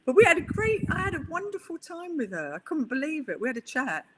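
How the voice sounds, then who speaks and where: A middle-aged woman, a guest on an interview podcast, telling stories in a chatty, animated way. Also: high voice, quick pace, background noise. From England. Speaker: guest, pool player. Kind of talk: interview conversation.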